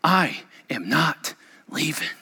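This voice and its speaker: A man speaking as a humble dog that refuses to leave its master's feet, quiet and slow. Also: a little high, very animated, gravelly, slightly rough, voice pushed down, heavily acted. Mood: devoted. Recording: echoey hall reverb.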